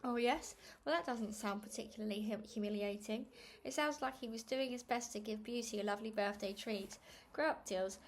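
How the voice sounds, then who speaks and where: A brassy middle-aged aunt gushes in a breezy, glib way and waves off every worry, as a woman reads her lines. The voice sits fairly high and carries a faint hiss of noise underneath. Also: a little fast, close to an everyday voice. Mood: dismissive. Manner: gushing, breezy, talks over others.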